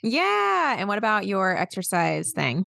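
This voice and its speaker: A chatty woman with a Southern US accent hosts a nutrition podcast, upbeat and conversational. Her voice sits at a middle pitch and sounds dry and close to the mic. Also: wildly swooping pitch, unhurried, gravelly, pushed and bright, no echo. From South Carolina. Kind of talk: podcast interview.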